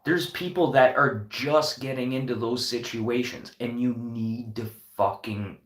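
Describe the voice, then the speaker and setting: A man's voice: medium pitch, steady tone, unhurried, hardly any pauses, a bit bright, echoey room. A man who owns a restaurant, giving an earnest, impassioned and heavily profane talk to the camera. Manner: earnest, heavy swearing, impassioned. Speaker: restaurant owner. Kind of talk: unscripted motivational vlog talk.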